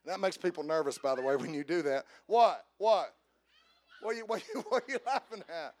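A man preaching an Easter sermon in church, joking quietly with the congregation and then building to loud, drawn-out preaching. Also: a little high, animated.

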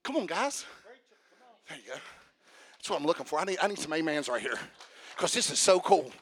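A man preaching a sermon, joking with the congregation and building to shouted emphasis. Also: fairly high pitch, very animated, fairly quick. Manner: humorous, calls out to the congregation.

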